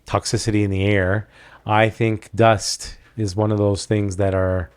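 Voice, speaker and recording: Candid rambling man with a low voice. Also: level tone, a little slow, clean tone. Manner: rambling, candid, self-interrupting. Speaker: podcast host. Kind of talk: casual podcast chat.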